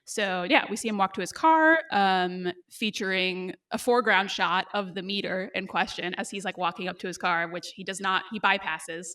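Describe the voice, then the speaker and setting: A woman co-hosting a podcast, recapping a TV episode in casual chat, with fillers and quick laughs. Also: medium pitch, sharp tone.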